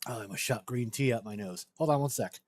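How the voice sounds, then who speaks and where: A man's voice: mid-range voice, fast talker, darkish tone, no echo. A man live-streaming a speedrun, chatting casually and joking with his viewers.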